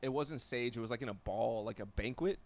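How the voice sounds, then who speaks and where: A man chatting on a podcast, telling stories loosely with many restarts and fillers. His voice sits at an ordinary middle pitch, and he laughs along with the others. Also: brisk, no echo. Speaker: podcast co-host. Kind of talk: casual chat.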